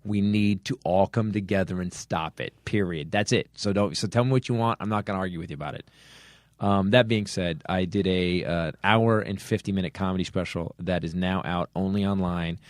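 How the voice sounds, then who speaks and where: Brisk and low-sitting, this voice belongs to a middle-aged comedy podcast host, heard in studio quality with no echo. He rants earnestly and angrily, swearing heavily and restarting many times as he chats.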